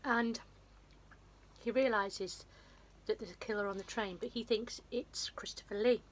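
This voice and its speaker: A woman's voice: fairly high pitch, steady tone, a little slow. A woman casually retelling a film's plot in a rambling, self-deprecating way, with a runny nose. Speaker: vlogger. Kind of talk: casual film recap.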